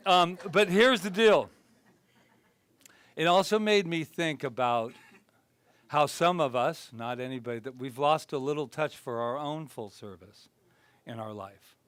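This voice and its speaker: A male minister preaching in a loose, conversational way to his congregation, with a voice a touch higher than most men's. He jokes at his own expense, then eases into quiet, thoughtful passages. The sound is close and dry, with no room ring. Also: a little slow, pauses often, clean tone, no echo. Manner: animated and chatty, then drops soft and reflective; self-deprecating humor. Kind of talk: conversational sermon. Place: spiritual center gathering.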